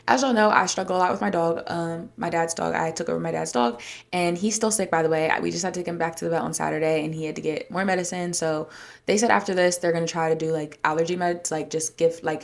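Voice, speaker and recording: A woman sits at the mic recounting her week in a loose, chatty monologue. Her voice is low with a gravelly edge, and it jumps up whenever she acts out a quarrel. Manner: animated retelling, acting out quotes in a raised voice. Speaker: podcast host. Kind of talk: casual storytelling monologue.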